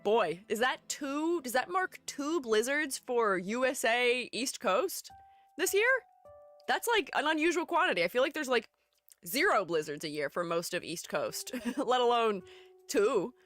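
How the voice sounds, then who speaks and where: A woman's voice: fairly high pitch, sing-song, unhurried, a bit bright, soft background music. A young adult woman streaming live, chatting casually, reading chat messages aloud and laughing often. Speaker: streamer and art educator.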